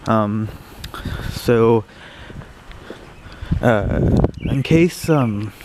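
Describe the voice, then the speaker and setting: A man's voice: lowish voice, a little hiss or hum. A young man talks to his camera outdoors in falling snow, keeping his voice down. He shivers and breathes heavily, hesitating often between phrases. Faint outdoor ambience hums behind him. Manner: hesitant, lots of fillers, talking quietly. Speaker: vlogger. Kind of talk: casual vlog talk to camera.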